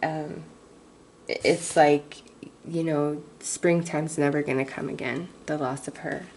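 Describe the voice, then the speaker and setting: Low, slow-talking woman reading tarot. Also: steady tone, a little mellow, a little hiss or hum, rough recording. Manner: halting, many fillers, becomes emotional. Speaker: tarot reader. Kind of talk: casual spiritual reading to viewers.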